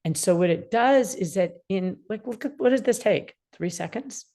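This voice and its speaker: A woman's voice: medium pitch, normal speed. A woman in her sixties, an attorney mediator, explaining parenting advice and acting out what upset teens feel. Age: 60s. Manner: animated, acts out quoted feelings.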